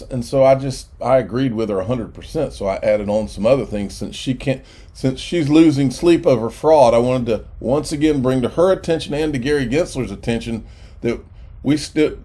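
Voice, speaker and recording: A man's voice: medium pitch, dark tone. A man hosting a crypto channel, talking casually and sarcastically to viewers, indignant and often restarting his sentences.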